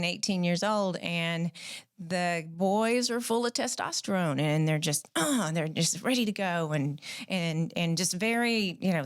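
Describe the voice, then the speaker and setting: Woman in her fifties, podcast host, chatty and animated, dry close sound. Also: fairly low pitch, no room sound. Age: 50s. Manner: chatty, animated storytelling with frequent restarts. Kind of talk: casual chat.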